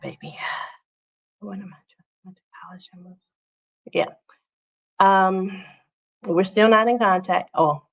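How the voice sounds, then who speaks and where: Gravelly-voiced woman chatting on a livestream. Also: deep voice. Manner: chatty, talks straight to viewers as "y'all". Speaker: channel host. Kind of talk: casual livestream chat. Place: home. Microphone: phone or webcam on a livestream. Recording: dull, lo-fi livestream audio.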